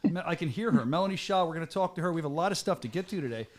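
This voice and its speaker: A man's voice: on the high side, expressive, very fast. A male podcast host and event announcer, chatting energetically in a rambling hype-man way as he interviews a guest. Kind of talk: casual interview chat.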